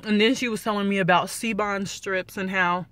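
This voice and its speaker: A woman giving a chatty, excited vlog update, with a slight lisp from new dentures and many fillers. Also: mid-range voice, normal speed, smooth, no echo. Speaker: vlogger.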